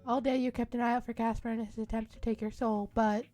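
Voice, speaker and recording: A woman reading a visual novel's narration aloud in a hushed, dramatic way during a casual let's-play, with faint music behind her. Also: on the high side, flat delivery, fast talker.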